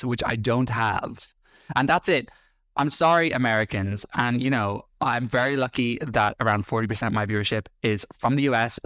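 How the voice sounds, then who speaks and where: A man's voice: mid-range voice, fairly bright tone, no echo. Sardonic man in his thirties. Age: 30s. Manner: sardonic, defensive. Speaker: YouTube commentator. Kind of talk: reaction video commentary.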